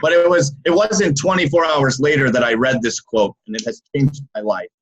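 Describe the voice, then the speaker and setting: Energetic male business coach on a video call, loud storyteller with a habit of checking in. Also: medium pitch, moderate pace, low-quality recording. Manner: energetic storytelling with many "right?" and "okay?"; loud and animated, by his own account. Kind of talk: motivational talk on a video call.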